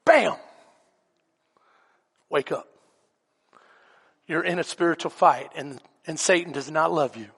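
A man with a Texan accent preaching a sermon, telling a story with emphatic storytelling and questions to the congregation, swinging from shouts to hushed lines. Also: fairly high pitch, moderate pace, pauses often, husky. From Texas. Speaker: pastor. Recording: long church reverb.

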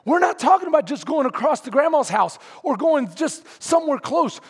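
A preacher from San Antonio, Texas, telling a story in a sermon to his congregation, animated and often shouting, then quiet and earnest. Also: very high voice, moderate pace, few pauses. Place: large hall, speaking to a congregation. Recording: long hall reverb.

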